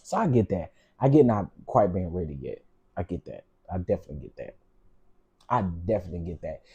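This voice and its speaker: A man hosting his own channel delivers emotional storytime commentary, telling personal stories with frank, heated, preacher-like repetition. His low voice is animated and fairly quick, dark and husky with vocal fry. The highs in the recording are cut off.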